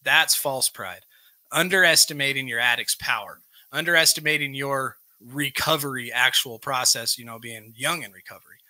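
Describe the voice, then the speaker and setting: A man's voice: mid-range voice, normal speed, bright, forceful tone. A man hosting a live recovery group, plainly reading out character defects from a workbook and explaining each one. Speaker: recovery meeting host. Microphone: live stream microphone.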